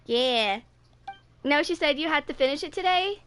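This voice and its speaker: Young woman streamer, high bright voice, chatty and loose, talks to chat between gameplay. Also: animated, normal speed. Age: 20s. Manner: chatty, lots of "like" and "dude". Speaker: gaming streamer. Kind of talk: casual live-stream chat.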